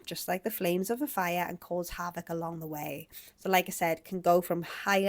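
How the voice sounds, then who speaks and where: A woman hosting a solo relationship podcast as a coach, explaining things in a conversational way. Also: on the low side.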